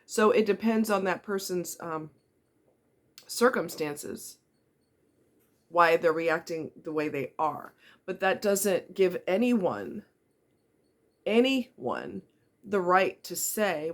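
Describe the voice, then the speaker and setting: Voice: mid-range voice, animated, takes it slowly, long pauses. Middle-aged vlogger, earnest and blunt, talks straight to the viewer with pointed questions. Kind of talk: candid personal monologue.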